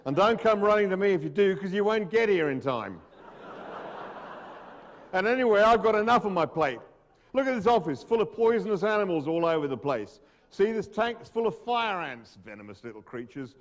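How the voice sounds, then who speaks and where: A man doing a grouchy Australian venom expert who rambles from complaint to complaint, fed up and distracted. The voice sits a little high. It rings out through a big hall with a long reverb. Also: animated, brisk. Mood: grumpy. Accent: Australian (put on). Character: grumpy, rambling male venom scientist.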